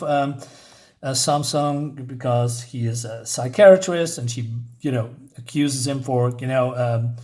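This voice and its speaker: A man's voice: mid-range voice, a little mellow. A man casually reviewing a comic book issue, rambling and hesitant with lots of fillers.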